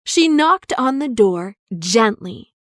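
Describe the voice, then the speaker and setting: A woman narrating a children's story in a slow, clear storytelling way. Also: on the high side, lively intonation, a little hiss or hum.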